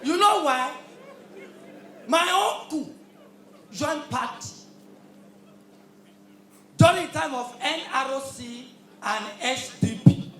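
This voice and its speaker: A man with a Nigerian accent doing a stand-up comedy routine on stage, shouting his punchlines in Pidgin. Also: very high-pitched, expressive, takes it slowly, pauses often. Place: live comedy show stage with audience. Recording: echoey live venue with crowd.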